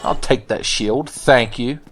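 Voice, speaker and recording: A man's voice: medium pitch, slow, a bit bright. A man giving sarcastic, profane let's play commentary, taunting the enemies he fights. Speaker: gaming commentator. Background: faint game music.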